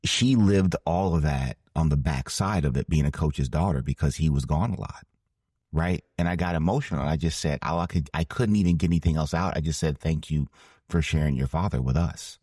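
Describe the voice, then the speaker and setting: A man's voice: very deep voice, brisk, a little mellow, breathy edge, dry recording, clean studio sound. A man in his forties telling a heartfelt story as a podcast guest, earnest and emphatic, often repeating phrases for weight. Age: 40s. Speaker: podcast guest, former ballplayer and broadcaster. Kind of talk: storytelling interview answer.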